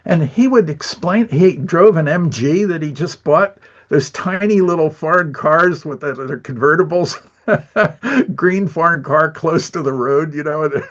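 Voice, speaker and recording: An older animator, appearing as an interview guest, chats casually and tells rambling stories punctuated by plenty of chuckles. His voice is on the high side, and the audio is dull.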